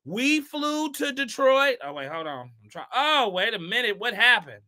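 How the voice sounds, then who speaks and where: A bright, high-pitched man hosts a casual gossip commentary. He reads posts aloud and answers them with sassy, emphatic rhetorical questions. His tone stays sharp and pointed throughout. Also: sing-song, moderate pace.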